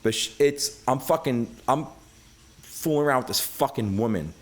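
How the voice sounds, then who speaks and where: A man's voice: mid-range voice, moderate pace. A middle-aged man from Brooklyn, telling stories as a podcast guest, full of swearing and acted-out quotes. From Brooklyn, New York. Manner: profane, animated storyteller acting out quotes. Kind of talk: casual storytelling.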